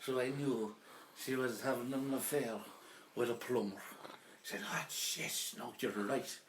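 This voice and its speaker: A man's voice: medium pitch, steady tone, unhurried, a little hiss or hum. A man doing a stand-up routine of pub jokes, rambling through his stories with lots of restarts and fillers. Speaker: comedian. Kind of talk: stand-up pub joke telling.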